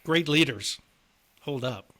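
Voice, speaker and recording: A man's voice: mid-range voice, animated, takes it slowly, a bit bright. A man co-hosting a podcast, chatting easily about a film and putting questions to his co-host. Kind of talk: casual movie chat.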